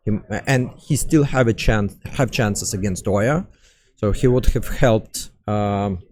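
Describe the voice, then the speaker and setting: A man with a Russian accent, a tournament caster chatting loosely and haltingly with many fillers on a live stream. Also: mid-range voice, darkish tone. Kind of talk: casual live-stream commentary.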